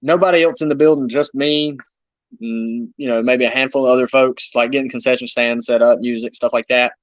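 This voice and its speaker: A man being interviewed, telling animated wrestling-road stories in casual chat with playful humor. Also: mid-range voice, brisk, dry recording. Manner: animated storyteller, self-deprecating humor. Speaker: wrestler guest. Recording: dull lo-fi dry sound.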